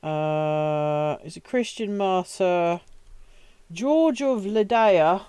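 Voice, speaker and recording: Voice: medium pitch, extremely slow, dark tone, clean tone, no echo. A British streamer chatting casually on a live stream, rambling, swearing often and making self-mocking asides. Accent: British English. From Britain.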